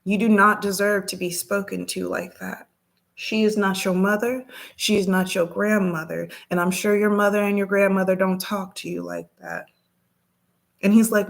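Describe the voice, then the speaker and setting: A woman vlogger telling a story casually, acting out the dialogue with lively energy. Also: medium pitch, normal speed, gravelly. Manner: animated, acts out dialogue.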